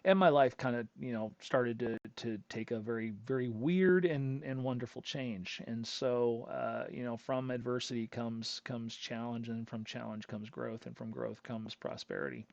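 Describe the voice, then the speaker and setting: A middle-aged man with a gravelly, fry-tinged voice tells a story as a show host. He rambles casually and keeps doubling back on himself. The recording sounds dull and lo-fi, with a dry, close sound. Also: mid-range voice, fairly even intonation, moderate pace, few pauses, a little mellow, no echo. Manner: rambling, chatty, self-interrupting storyteller.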